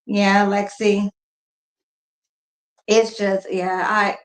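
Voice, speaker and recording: Grieving mom chatting to viewers in an echoey room. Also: female voice, medium pitch, steady tone, moderate pace. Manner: candid and emotional, talks straight to viewers. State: grieving, subdued. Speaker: couponing vlogger. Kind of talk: casual live chat with viewers.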